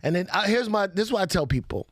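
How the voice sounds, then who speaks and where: A man from New York City hosts a loose, casual podcast conversation in a notably high voice. His delivery is dry and close-miked, and he tells his stories with plenty of animation. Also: fast, no echo. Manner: animated storyteller, tosses in quoted dialogue. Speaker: podcast host. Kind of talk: casual chat.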